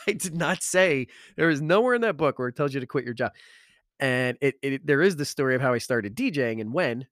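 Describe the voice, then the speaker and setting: A man's voice: medium pitch, lively intonation, normal speed, long pauses, a bit bright, dry recording, studio quality. A man, an author and speaker, telling his story with feeling, often stumbling over repeated words and laughing. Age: adult, father of school-age kids. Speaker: self-help author and speaker. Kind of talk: emotional personal storytelling.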